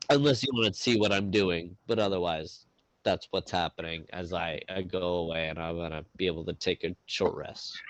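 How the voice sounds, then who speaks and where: A man's voice: low-pitched, normal speed. A man playing a tabletop game, describing his character's actions casually with many fillers. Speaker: player.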